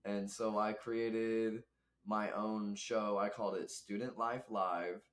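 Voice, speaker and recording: A man's voice: on the low side, flat delivery, slow. A young man, a guest telling rambling, reflective stories in casual chat. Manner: rambling, reflective, laughs often.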